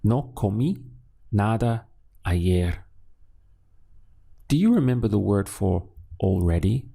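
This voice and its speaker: Man, language teacher, slow, gravelly, dark husky voice, patient question-and-answer lessons. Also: on the low side, expressive. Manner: patient, asks questions then gives the answer.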